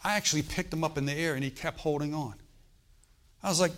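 A middle-aged man preaching a sermon, telling stories and acting out the voices of the people in them, swinging from hushed to loud. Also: fairly high pitch, quick pace. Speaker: pastor. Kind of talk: sermon storytelling.

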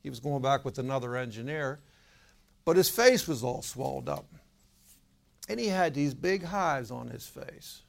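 A man's voice: medium pitch, expressive, normal speed, vocal fry. A man preaching and telling a healing testimony in a folksy storytelling way, acting out the dialogue. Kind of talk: sermon with a personal testimony.

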